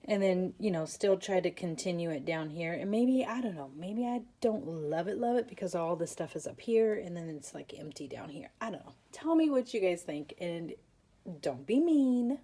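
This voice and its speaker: A woman's voice: fairly low pitch, lively intonation, moderate pace, warm tone. A woman hosting a casual papercraft tutorial, chatty and self-deprecating, with lots of fillers, and tired and yawning. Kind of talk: casual craft tutorial chat.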